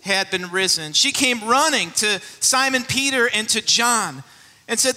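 High bright-voiced male preacher, echoing hall. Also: lively intonation, moderate pace. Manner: storytelling, acts out the voices in the scripture. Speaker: pastor. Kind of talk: sermon.

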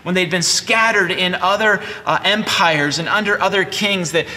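A man's voice: high voice, normal speed, sharp tone. A man in his forties preaching a sermon as pastor, earnest and conversational with frequent restarts. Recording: long hall reverb.

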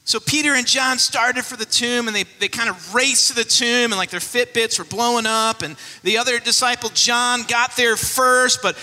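Man, pastor, sermon, storytelling, high voice, very bright, reverberant hall. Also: normal speed, hardly any pauses. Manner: storytelling, acts out the voices in the scripture.

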